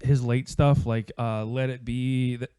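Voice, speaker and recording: A man's voice: mid-range voice, fairly even intonation, measured pace, mellow, clear, resonant tone, no echo. A man, a guitar player, talking as a podcast guest in rambling, profane casual chat and telling stories. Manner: rambling, swearing, storytelling.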